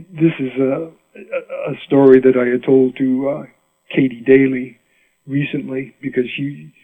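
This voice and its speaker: An older man tells stories in a relaxed interview, chatty, often laughing and restarting his sentences. His voice has a gravelly edge. It comes through a tinny, dry line that sounds like a phone. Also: mid-range voice, dry recording. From Rhode Island. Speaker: mandolin player, interview guest. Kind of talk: casual storytelling interview.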